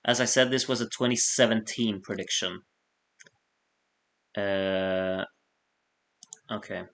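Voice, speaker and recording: A man's voice: lowish voice, fairly even intonation, takes it slowly, gravelly, fairly bright tone. A man hosting a late-night live stream, chatting casually, reading viewer messages aloud and laughing often as he rambles.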